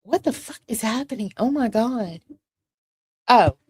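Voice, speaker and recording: A woman's voice: a little high, lively intonation, unhurried, a little mellow, slightly rough, no room sound. A woman in her forties hosting a casual livestream from her home computer desk, rambling and swearing as she vents her frustration. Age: 40s. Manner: rambling, profane, frustrated and venting. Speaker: livestream host.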